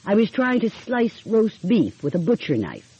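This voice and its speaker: A woman's voice: mid-range voice, wildly swooping pitch, moderate pace, dark tone, husky, no room sound, highs cut off, pitched above the performer's own voice, full character voice. A woman voicing a fussy, chatty older housekeeper who grumbles in exasperation. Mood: rueful.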